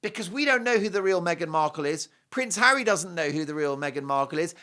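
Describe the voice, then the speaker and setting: A man's voice: on the high side, animated, quick pace, few pauses, bright, forceful tone. A man hosting a TV show, giving an opinionated, mocking monologue with heavy sarcasm and emphatic swings. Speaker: TV show host.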